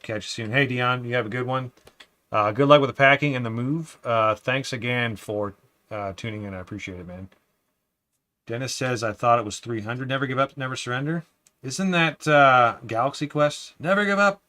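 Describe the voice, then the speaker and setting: A mid-range male voice belongs to a desk-based live streamer who chats easily and reads out viewer comments. He calls people "man" a lot and occasionally drifts into a quiet mutter while building.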